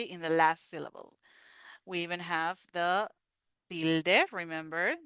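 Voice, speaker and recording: A woman teaching beginner pronunciation, very slowly and repeating each word with care. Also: fairly low pitch, sharp tone, smooth, dry recording. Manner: very slow, drawn-out words, repeats each word. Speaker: Spanish teacher. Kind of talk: slow pronunciation lesson.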